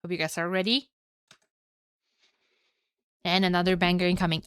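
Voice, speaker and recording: A woman commentating a strategy game alone for her live chat, chatty and excitable, tired and with a headache. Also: on the low side, normal speed, smooth, no echo, clean studio sound. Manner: chatty, excitable, swears and laughs at herself. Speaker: esports caster.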